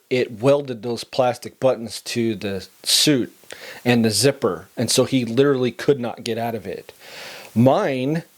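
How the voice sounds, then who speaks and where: A middle-aged man earnestly telling a personal story on a podcast, acting out what people said. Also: medium pitch. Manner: earnest, acts out quoted dialogue. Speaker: podcast host telling his testimony.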